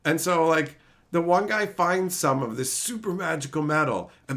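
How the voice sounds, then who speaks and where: A man's voice: on the high side, lively intonation, a little fast, gravelly, fairly bright tone. A man streaming a casual, profane rant, sounding exasperated and incredulous.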